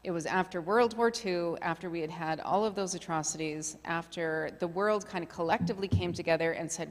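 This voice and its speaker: A woman's voice: lowish voice, a little fast, few pauses. Chatty woman facilitator in echoing hall. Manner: chatty, filler-heavy, conversational. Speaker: workshop facilitator. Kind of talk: casual workshop presentation. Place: community meeting hall. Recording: long hall reverb.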